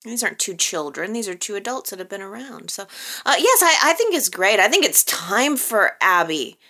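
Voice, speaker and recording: A woman's voice: mid-range voice, big pitch swings, normal speed, pushed and bright. A woman hosting a soap opera recap, chatting casually and playfully, often laughing at her own jokes. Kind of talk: casual chat.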